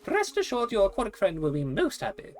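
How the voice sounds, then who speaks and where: A woman's voice: mid-range voice, huge pitch swings, brisk, a little mellow, soft background music. A woman voicing a fussy, erudite male owl who runs a museum, with a prim, wordy and polite manner and a hooting catchphrase. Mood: pompous.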